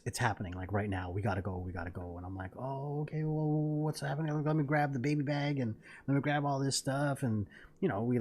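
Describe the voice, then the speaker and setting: A man's voice: sits low, breathy edge. A man in his thirties, a podcast co-host, casually telling a long story full of swearing and laughter. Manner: profane, rambling, laughing storyteller.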